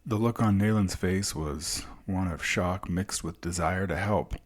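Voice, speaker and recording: A man reading fantasy narration in a slow, calm, descriptive way. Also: sits low. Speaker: storyteller.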